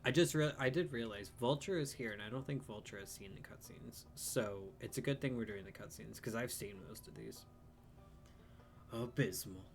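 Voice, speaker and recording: A man's voice: medium pitch, brisk, few pauses, soft background music. Chatty man narrating his gameplay. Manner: chatty, rambling, self-deprecating. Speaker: game streamer. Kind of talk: casual let's-play commentary.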